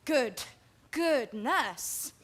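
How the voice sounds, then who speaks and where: A woman's voice: high-pitched, expressive, extremely slow, heavily acted. An actress on stage playing an eager young girl in love, speaking verse with urgent pleading. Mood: impatient. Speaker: stage actor. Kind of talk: theatrical stage acting. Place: open-air theatre stage.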